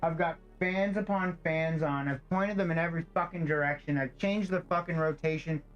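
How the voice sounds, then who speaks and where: A man's voice: a little high, fairly even intonation, normal speed, lo-fi sound. A male streamer giving casual gameplay commentary, swearing a lot and ranting in exasperation while overheated in a hot apartment. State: overheated in a stuffy room. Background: faint game music.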